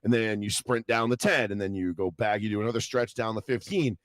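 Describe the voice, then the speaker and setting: A man's voice: on the low side, brisk, dry recording. Rambling, swearing young man telling stories. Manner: rambling storytelling, heavy swearing, animated quoted voices. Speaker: podcast co-host. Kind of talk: casual chat.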